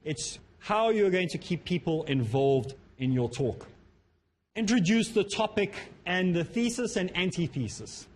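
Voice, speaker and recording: A man from Africa, lecturing students on public speaking in a lively way that acts out the speakers he quotes. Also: high voice, unhurried, slight background noise. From South Africa.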